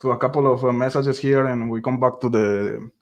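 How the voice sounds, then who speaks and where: A man of ordinary pitch hosting a casual podcast talk. He reads out viewer messages and shares his ideas, stopping and restarting with frequent fillers. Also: steady tone, dull audio. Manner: halting, hesitant, many fillers.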